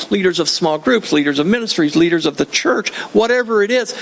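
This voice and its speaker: A man's voice: high voice, animated, brisk, gravelly, hardly any pauses. An older man preaching a sermon in a church, conversational and joking, often repeating his phrases. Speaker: pastor.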